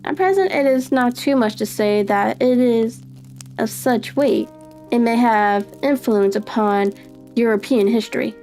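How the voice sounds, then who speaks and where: A woman's voice: a little high, a little slow, dark tone, soft background music. A woman voicing an imposing, secretive masked nobleman in a live story reading. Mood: grave.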